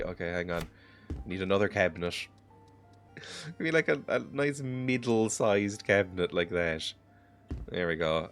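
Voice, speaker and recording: Sick man rambling through game commentary. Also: low voice. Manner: rambling, self-mocking, chuckles often. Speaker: gaming video host. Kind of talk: casual let's-play commentary.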